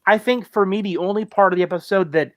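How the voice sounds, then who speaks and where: Male podcast co-host, a bit high-pitched, dry close sound, casual plot recap. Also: fast talker, no echo. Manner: recaps plot casually, many fillers and tag questions. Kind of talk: casual chat.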